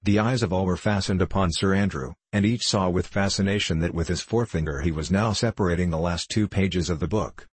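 Low, husky male narrator. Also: fairly quick, few pauses, no echo. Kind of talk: audiobook narration.

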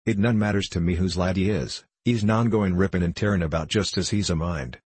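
A man doing a gruff, angry miner father. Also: low voice, fairly quick, dry recording. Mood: threatening. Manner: gruff, threatening, shouting. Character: angry male coal miner father, rough dialect.

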